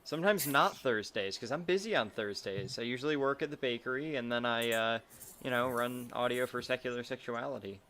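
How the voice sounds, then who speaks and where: A man's voice: mid-range voice, a little fast, fairly bright tone. A man chatting casually as a guest, making dry joking asides. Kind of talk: casual chat.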